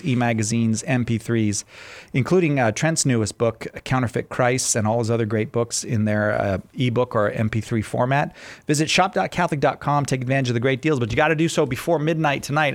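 A man hosting a call-in radio program, with a voice pitched right in the middle. He keeps things light, jokes with his guest and laughs easily. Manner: jokey, laughs easily, quick asides. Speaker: radio show host.

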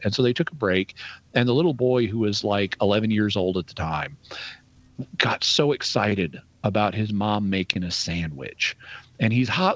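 A man's voice: lowish voice, normal speed, no room sound, dull audio. A man who is a radio show guest, telling a story in a casual way with chuckles and restarts.

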